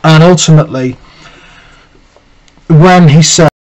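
A man's voice: a little high, slow pace, darkish tone, a little hiss or hum, poor audio. Male teacher explaining a novel. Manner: thoughtful, frequent "you know" fillers and restarts. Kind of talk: literature lesson, reading and analysing quotes.

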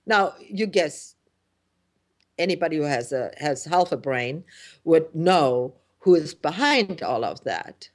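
Slow, indignant woman talk host. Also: deep voice, animated. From Germany. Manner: indignant, emphatic, with many fillers and restarts. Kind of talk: opinionated radio talk.

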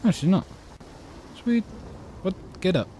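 A British man giving gameplay commentary, chatting to himself with quiet mutters and sudden outbursts. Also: high voice, animated, a little slow, a little hiss or hum. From Britain. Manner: chatty, jumps between mutters and sudden exclamations. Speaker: let's play gamer.

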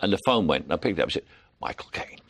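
Older Cockney man telling lively stories. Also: sits low, racing, slightly rough. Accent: London Cockney. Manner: animated storyteller, laughs often. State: jet-lagged. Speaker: guest actor. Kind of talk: anecdotal interview chat.

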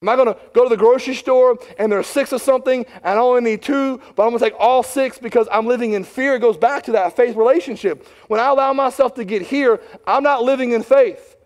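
A middle-aged male pastor delivering a sermon with a notably high-pitched voice. He talks conversationally and keeps turning to his listeners with questions. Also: fast, a little mellow. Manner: conversational, asks the congregation questions.

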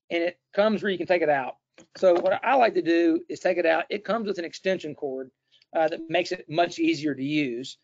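A man's voice: sits high, no echo. A middle-aged man presenting a webinar, demonstrating a tool in a casual, chatty way with fillers and restarts. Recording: dull, dry, lo-fi webinar audio.

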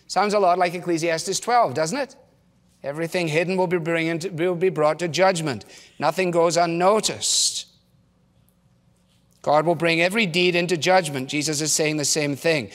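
A man's voice: on the high side, steady tone, moderate pace, fairly bright tone, in a large hall. A man preaching a sermon, earnestly asking his congregation rhetorical questions. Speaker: pastor. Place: church.

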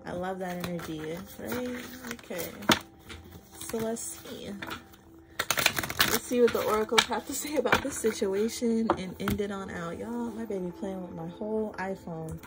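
A woman's voice: mid-range voice, unhurried, very noisy. A woman giving a casual tarot reading to her viewers, effusive and emotional, swearing freely and calling them y'all. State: flustered and emotional. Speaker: tarot reader. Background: music.

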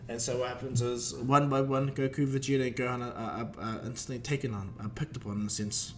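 A man's voice: medium pitch, steady tone, a little fast, hardly any pauses, fairly bright tone, slight background noise. A man narrating a fan-made story in a loose, casual retelling. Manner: loose retelling with fillers and restarts.

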